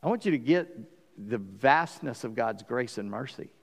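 A man preaching a sermon as pastor, lively and animated, acting out the voices in the story. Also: medium pitch, normal speed, vocal fry, in a large hall.

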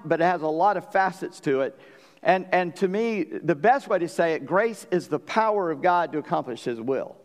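A man preaching a sermon as pastor, talking in a folksy, conversational way and often asking the congregation if they follow. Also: on the high side. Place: church sanctuary. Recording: long reverb of a church hall.

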